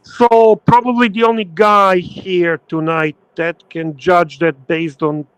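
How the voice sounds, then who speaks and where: A man's voice: high voice, flat delivery, slow pace, a bit bright, clean tone, no room sound. A man co-hosting a casual podcast, playful and teasing, joking around with the others. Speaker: co-host.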